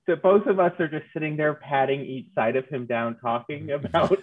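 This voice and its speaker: A man's voice: a little high, normal speed. A man playing a tabletop game, chatting casually with stammering restarts. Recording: tinny phone-like call line.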